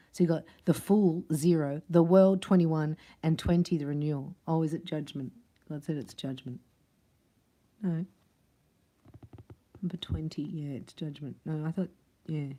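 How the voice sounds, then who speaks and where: Woman doing a chatty tarot reading, warm low-ish voice, laughs a lot. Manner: chatty, laughs often, acts out other voices. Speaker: tarot reader. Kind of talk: casual spiritual tarot reading.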